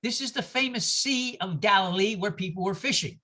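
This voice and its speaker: A man's voice: high voice, animated, brisk, few pauses, pushed and bright. A man teaching a class, pointing at a map and lecturing with emphatic rhetorical asides and repetition. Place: classroom or church hall.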